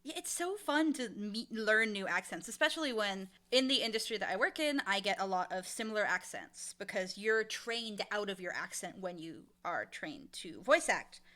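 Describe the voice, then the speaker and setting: A woman with a bright, clear-edged voice, chatting casually as an interview guest. She speaks frankly and with emphasis, giving firm opinions from her casting work. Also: medium pitch, lively intonation, moderate pace, hardly any pauses. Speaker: casting director and audio drama creator.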